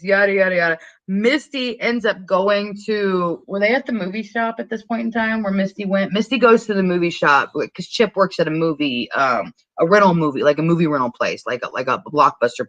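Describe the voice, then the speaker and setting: A woman's voice: lowish voice, fairly bright tone, no room sound, lo-fi sound. A woman co-hosting a podcast, retelling a movie in a rambling, profane, casual way with frequent laughs. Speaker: podcast co-host. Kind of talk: casual movie recap chat.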